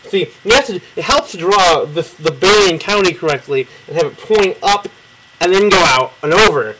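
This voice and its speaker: A man's voice: high-pitched, expressive, normal speed, background noise. A young man from Michigan rambling casually and profanely while drawing a map for someone, laughing often. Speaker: video replier. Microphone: camera mic close to the face.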